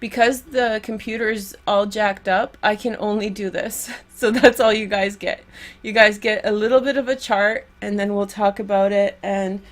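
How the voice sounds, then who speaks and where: A woman's voice: medium pitch, steady tone, moderate pace. A woman doing a casual tarot reading who chats freely, laughs often and restarts her sentences. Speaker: tarot reader.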